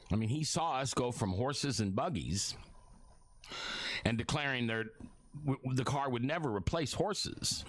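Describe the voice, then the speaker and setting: Brief: middle-aged male radio host, lively swooping delivery, rambling and often apologizing. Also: fairly low pitch. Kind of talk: casual talk radio. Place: radio studio.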